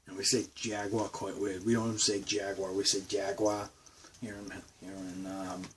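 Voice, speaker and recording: A man in his twenties from Boston, with a Boston accent, talking casually on a vlog in a rambling, halting way full of fillers and restarts. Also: deep voice, flat delivery. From Boston, Massachusetts. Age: 20s. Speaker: vlogger. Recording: distant mic with faint background noise.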